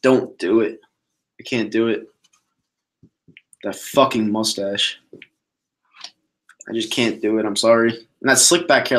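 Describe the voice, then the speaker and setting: A man's voice: fairly low pitch, unhurried, long pauses. A man hosting a casual solo sports podcast, talking bluntly and swearing as he answers viewer questions. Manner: blunt, profane, animated ranting.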